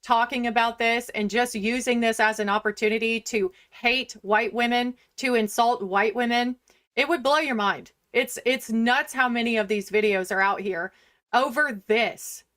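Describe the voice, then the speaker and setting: A woman hosts a reaction commentary show with a high, bright, ringing voice. She talks in a critical, emphatic way and pushes hard on her points. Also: steady tone, moderate pace.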